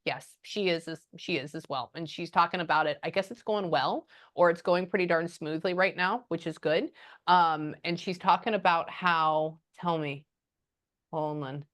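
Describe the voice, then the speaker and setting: Woman, slightly low-pitched, casual, hesitant, spoken psychic reading, frequent pauses. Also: fairly bright tone. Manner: hesitant, often pausing with "hold on" and "um". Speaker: psychic medium.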